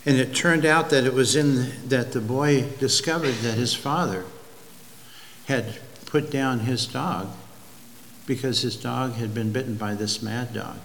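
A man preaches in an unhurried, measured way, stopping to gather his words as he works through a story. His voice trails off into a long reverb, as in a church sanctuary. A faint hum of room noise sits underneath. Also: mid-range voice, fairly bright tone. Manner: slow, deliberate storytelling with pauses and restarts. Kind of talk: sermon.

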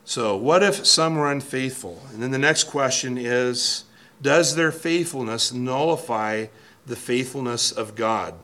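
A pastor preaches an expository sermon from the pulpit at a measured pace, his mid-range voice sharp in tone. He is earnest and emphatic, often restarting and repeating words.

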